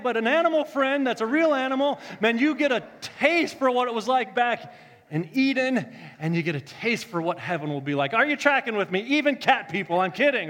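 A male pastor telling a story in a sermon, joking and animated, swinging from loud bursts to hushed tones. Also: extremely high pitch, big-room sound.

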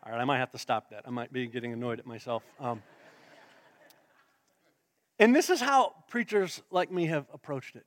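A man's voice: mid-range voice, animated, moderate pace, long pauses, a bit bright, dry recording. A man preaching a sermon, joking with the congregation and asking it questions. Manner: playful, interactive, joking with the congregation. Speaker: pastor. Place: church sanctuary.

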